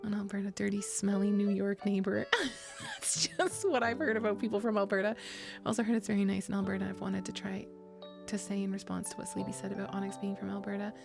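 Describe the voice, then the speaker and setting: Woman streamer, gravelly voice, giggly rambling chat over clear game music. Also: mid-range voice, fairly even intonation, quick pace. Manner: chatty, giggly, rambling with restarts. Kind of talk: casual gaming stream chat.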